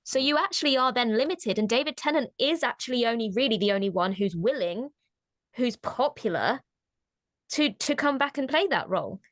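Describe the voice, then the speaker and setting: A woman's voice: fairly high pitch, animated, moderate pace, a bit bright, no room sound, clean studio sound. A woman co-hosting a casual discussion, who talks thoughtfully and often restarts her sentences. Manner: thoughtful, hesitant, many restarts. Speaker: co-host.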